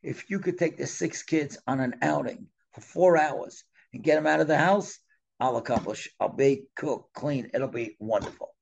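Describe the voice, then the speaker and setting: A man voicing a busy, practical mother of six, speaking briskly and matter-of-factly. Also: medium pitch, vocal fry, a little mellow.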